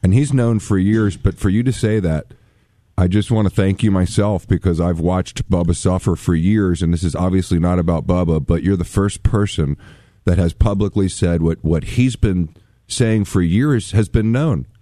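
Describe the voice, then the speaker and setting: A man's voice: deep voice, normal speed, warm tone, no room sound, clean studio sound. A man co-hosting a radio show, speaking earnestly and with feeling. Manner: earnest, heartfelt. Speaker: radio co-host. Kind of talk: emotional radio conversation.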